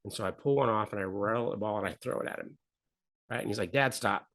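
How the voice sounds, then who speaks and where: A man's voice: lowish voice, fast talker. A middle-aged man, a guest on a talk show, telling a personal story in an earnest way and acting out the people he quotes. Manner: earnest, repeats phrases, acts out quotes. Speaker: podcast guest. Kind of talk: candid storytelling interview.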